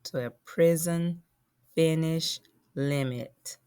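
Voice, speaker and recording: Slow, patient woman teaching phonics. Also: low voice, warm tone, clean tone. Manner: slow, patient, spells and sounds out words. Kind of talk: phonics lesson for young children.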